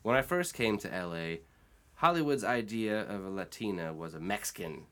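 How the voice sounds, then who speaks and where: A man hosting a casual podcast chat, telling animated, profane stories with loud outbursts and laughter. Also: fairly low pitch, moderate pace. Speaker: podcast host.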